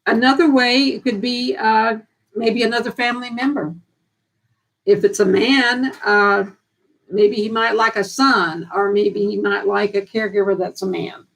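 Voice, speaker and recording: The audio is poor as a woman with a fairly high, steady voice talks at a measured pace during her live stream. She gives down-to-earth, folksy and sincere guidance on dementia care, thinking out loud with many repeated and restarted phrases.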